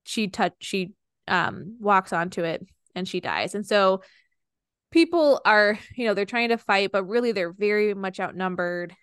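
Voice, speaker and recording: Smooth-voiced woman retelling a story. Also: medium pitch, lively intonation, measured pace, a bit bright, no room sound, clean studio sound. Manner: rambling retelling with many fillers and restarts. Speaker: podcast co-host. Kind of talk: casual book discussion.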